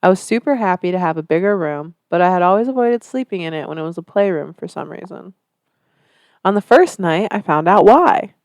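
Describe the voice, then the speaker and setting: A woman's voice: on the low side, fairly quick, no room sound, clean studio sound. A woman co-hosting a casual podcast, chatting and reacting to stories. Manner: reactive, chatty, lively ups and downs. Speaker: podcast co-host.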